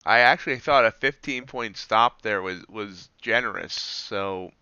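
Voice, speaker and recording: A man's voice: on the low side, unhurried, sharp tone, clear, resonant tone, no room sound, muffled recording. A man live-streaming his trades, chatting casually and joking at his own slips as he explains the charts. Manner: chatty, self-deprecating, explains trades while watching charts.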